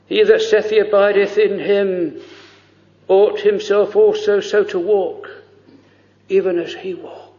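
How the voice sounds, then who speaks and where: A man preaching a fervent, pleading sermon, full of drawn-out exclamations and quoted prayers. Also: sits high, level tone, darkish tone. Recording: lo-fi recording in a reverberant church.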